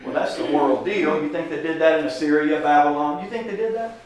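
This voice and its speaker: A man's voice: a little high, a little fast, a little mellow. A man teaching an informal Bible class, talking casually and putting questions to his listeners. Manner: conversational, asks the class questions. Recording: very echoey room from a distance.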